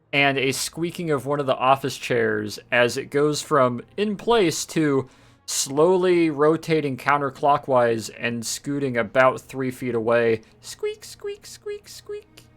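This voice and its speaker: A man running a tabletop game as game master, narrating scenes in a casual, relaxed way with fillers. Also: mid-range voice.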